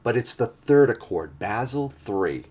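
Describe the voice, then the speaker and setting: An older man hosting a chat about gold, talking in a lively, animated way. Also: mid-range voice, measured pace. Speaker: channel host. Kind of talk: casual chat and commentary.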